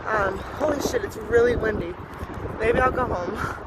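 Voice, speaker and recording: A woman in her twenties giving a candid vlog update outdoors, talking fast and loud, blunt and swearing a lot. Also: a little high. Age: 20s. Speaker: vlogger. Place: outdoors on a windy day. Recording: wind noise on a phone recording.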